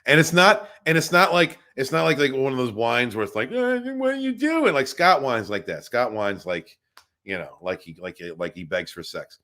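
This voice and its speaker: A man's voice: mid-range voice, lively intonation, moderate pace, pushed and bright. A man hosting a casual livestream podcast, chatting nonstop, rambling and greeting viewers in the chat by name.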